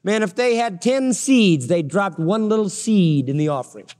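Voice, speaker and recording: A man's voice: high voice, animated, moderate pace, a little mellow, big-room sound. A male pastor preaching a sermon emphatically, stressing his points with repeated parallel phrases.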